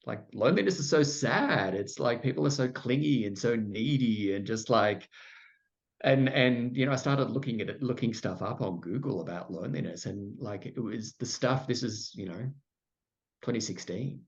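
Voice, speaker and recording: A man's voice: on the low side, normal speed. Chatty Australian man, muffled sound. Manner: frequent "like" fillers, self-deprecating. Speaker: podcast guest. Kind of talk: candid storytelling in conversation.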